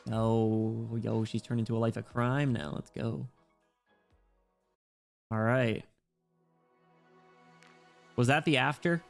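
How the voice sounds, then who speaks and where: A chatty male streamer reacts casually to a game story and laughs easily. His voice is mid-pitched, and faint background music plays throughout. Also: fairly even intonation, a little slow, vocal fry, pauses often.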